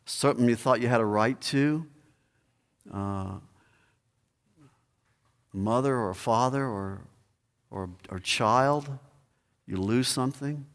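A man preaching as a pastor, building to emphatic peaks and then slowing into a measured prayer. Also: mid-range voice. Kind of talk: sermon and closing prayer. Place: church sanctuary. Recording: long church reverb.

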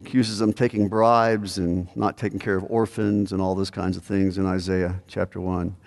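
A man's voice: low voice, level tone, normal speed, vocal fry, darkish tone. Man preaching in an echoing hall. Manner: conversational, questioning, emphatic. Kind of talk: expository sermon. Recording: hall reverb.

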